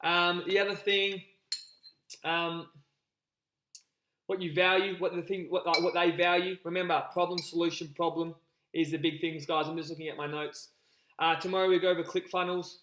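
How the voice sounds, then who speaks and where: A man coaching a group on a live call, energetic and repetitive, often calling his listeners guys. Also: fairly high pitch, normal speed, long pauses, reverberant, poor audio. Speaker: business coach.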